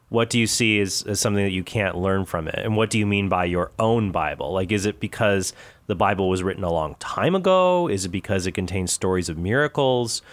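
A man with a fairly low voice, speaking as a guest on a radio call-in show. He works through callers' questions by asking questions back in a measured, thoughtful way. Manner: thoughtful, asks probing questions. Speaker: guest apologist answering callers. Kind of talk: casual radio talk.

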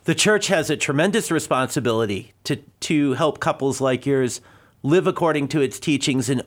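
A man's voice: mid-range voice, normal speed. A man from Connecticut answering a caller on a live radio show, a little out of breath, earnest and rambling with many restarts. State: slightly out of breath. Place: radio studio.

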